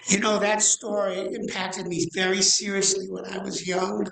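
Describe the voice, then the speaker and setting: Animated man in his sixties telling a story in a roomy church. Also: high-pitched, vocal fry, a little hiss or hum. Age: 60s. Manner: animated storytelling with drawn-out dramatic pauses. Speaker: guest speaker, rabbi. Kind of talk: storytelling sermon. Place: church sanctuary.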